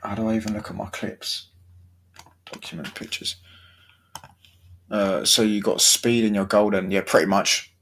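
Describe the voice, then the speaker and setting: A man's voice: lowish voice, flat delivery, normal speed, gravelly, long pauses, a bit bright, slight background noise. A young man chatting casually about football, full of slang and swearing, his throat sore. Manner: slangy, swearing, laid-back banter. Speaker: football vlogger.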